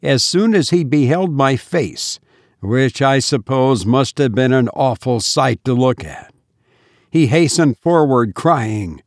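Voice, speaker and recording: A man narrates a first-person gothic tale in a measured, solemn voice of middle pitch. He reads very slowly and deliberately. The recording is dry and close, with no room echo. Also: animated. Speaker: audiobook narrator.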